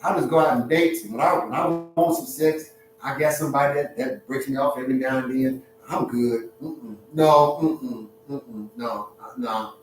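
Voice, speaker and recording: A man hosting a relationship talk, giving blunt, preachy advice to an audience in an animated, streetwise way, laughing at his own points. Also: mid-range voice, moderate pace, very echoey, distant mic, rough recording.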